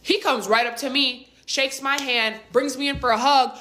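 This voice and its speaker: A young woman telling a casual storytime in an animated, slangy, conversational way. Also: sits high, moderate pace, few pauses.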